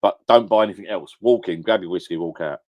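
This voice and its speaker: Deep bloke, middle-aged, rambly live chat, keeps correcting himself. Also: male voice, fast talker, dull audio. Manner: chatty, rambling, self-correcting. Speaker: live stream host. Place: at home by a whiskey shelf. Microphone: camera on a home setup.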